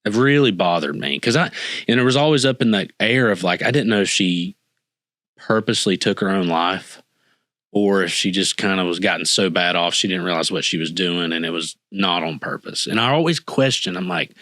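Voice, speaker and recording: A man's voice: on the low side, normal speed, fairly bright tone, dry recording. A man telling an emotional personal story as a podcast guest, earnestly acting out what people said to him. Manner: earnest, emotional, acts out quoted dialogue.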